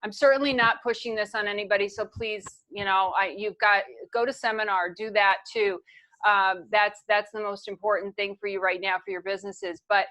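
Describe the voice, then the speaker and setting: A woman's voice: medium pitch, fairly even intonation, moderate pace, bright, forceful tone. A woman leading a training on a video call, talking in an earnest, conversational way and often restarting her sentences. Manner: earnest, conversational, repeats herself. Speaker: guest speaker and trainer. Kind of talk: casual teaching on a video call.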